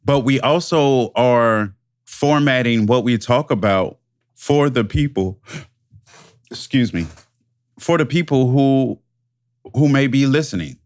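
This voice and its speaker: Podcast co-host, male, drawn-out and repetitive, dry close headset sound. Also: mid-range voice, no room sound. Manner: drawn-out, repetitive phrasing with many restarts. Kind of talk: casual podcast chat. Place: home podcast setup, webcam. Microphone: headset microphone.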